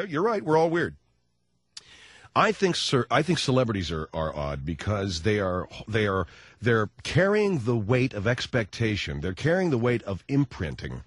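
A middle-aged man hosting a comedic talk radio show, rambling in a sarcastic, animated monologue. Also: medium pitch, breathy edge, no room sound.

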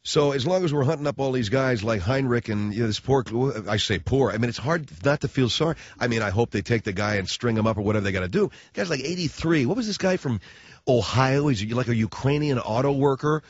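A man's voice: medium pitch, expressive, fast talker, no room sound. A man hosting a talk radio show, delivering a brash, blunt and sarcastic monologue into a studio microphone. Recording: dull lo-fi radio broadcast.

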